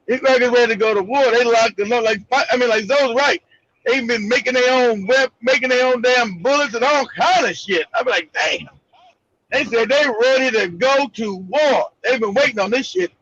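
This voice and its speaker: High-voiced, animated talk show host. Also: male voice, brisk. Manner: animated, profane, laughing often. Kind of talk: casual live talk show. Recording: dull lo-fi audio.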